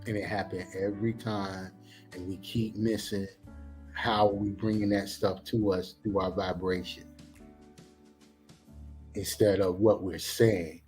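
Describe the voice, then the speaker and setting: A middle-aged man and former police officer, a guest on a talk show, explaining in an animated, preachy way with many examples. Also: sits low, measured pace, pauses often, soft background music. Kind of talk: casual talk show discussion.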